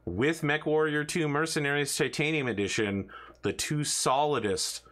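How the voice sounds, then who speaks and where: A man running a tabletop game as game master, telling stories in an animated, jokey way. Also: on the high side, moderate pace. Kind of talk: tabletop game narration, casual chat.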